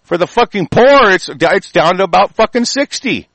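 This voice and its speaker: Furious swearing man ranting, high voice. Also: expressive, moderate pace, a bit bright, no room sound. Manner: heated, swearing constantly, rambling with restarts. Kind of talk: angry profane rant.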